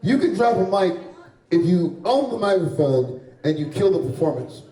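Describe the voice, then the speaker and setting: A sweaty man works through a loose, crude stand-up set, laughing at his own jokes between lines. His voice sits high but has a mellow, dark tone. The sound is picked up from some way off, with the hard echo of a small bar. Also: expressive, moderate pace. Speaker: stand-up comedian. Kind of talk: stand-up set at an open mic. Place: small bar or club with a live audience. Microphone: handheld stage mic. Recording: echoey room from far off.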